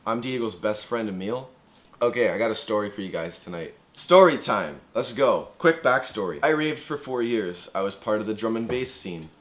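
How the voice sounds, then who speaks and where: Man in his 20s with a lowish voice, relaxed storytime vlog delivery, profane and sarcastic. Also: a little fast.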